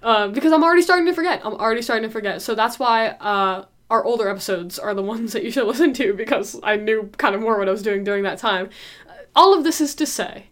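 Young woman, podcast host, fairly high voice, rambling and slangy. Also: fast talker, a bit bright. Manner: rambling, laughs often, slangy. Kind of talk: casual chat.

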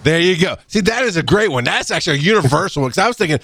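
A blunt, animated man hosts a casual podcast and talks as an EMS educator. His voice jumps higher whenever he gets fired up, and he laughs often along the way. The sound is dry and close, with almost no room on it. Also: rapid-fire, few pauses, no echo. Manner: blunt and animated, swings up in pitch when fired up; laughs often and clears throat.

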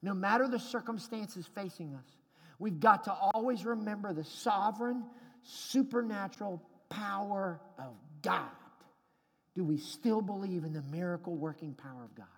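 A man preaching with a very high voice, pressing his points hard and climbing to shouts. His words ring out in a large hall with a long, trailing reverb. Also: normal speed. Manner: emphatic preaching, rising to shouts at climaxes. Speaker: pastor. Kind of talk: sermon.

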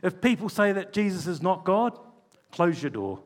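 Male preacher, high voice, emphatic sermon delivery with slowed stresses and low, quiet asides. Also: sing-song.

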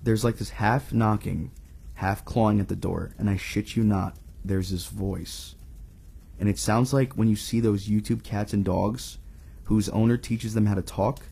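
A man with a lowish, husky voice tells a spooky campfire story on a podcast. He reads it aloud in a relaxed, profane, casual way. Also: moderate pace. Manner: profane, laid-back. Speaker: podcast co-host telling a scary story.

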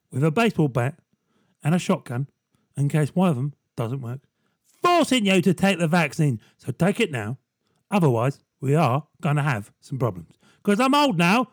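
A gruff, deadpan old London hard man with a menacing air, as a man puts him on. The voice sits a touch high and dry, close to the mic with no room sound. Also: no room sound. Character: impression of an older male London film star.

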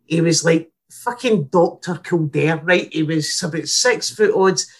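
A woman's voice: low-pitched, measured pace, breathy edge. Sweary Scottish woman telling a story. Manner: sweary, blunt, animated. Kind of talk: casual comic storytelling.

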